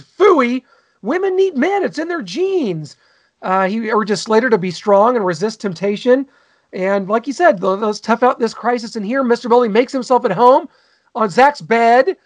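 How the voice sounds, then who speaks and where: Male co-host, high-pitched, enthusiastic and gushing, casual podcast chat. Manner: enthusiastic, gushing, frequent fillers. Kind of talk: casual chat reviewing an old sitcom.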